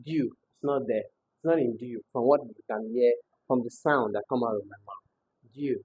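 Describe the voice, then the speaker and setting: Guy tutoring for an english exam, kinda husky, sounds like its over a phone, says words over and over to show the sounds. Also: medium pitch, normal speed. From Nigeria. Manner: explains step by step, repeats words aloud to show sounds. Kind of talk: exam prep lesson. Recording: tinny phone-like audio.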